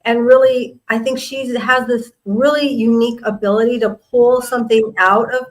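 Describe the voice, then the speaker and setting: A woman's voice: fairly high pitch, steady tone, moderate pace, low-quality recording. A middle-aged woman hosting a live interview show, speaking in an effusive, chatty way and full of praise for her guests. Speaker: host.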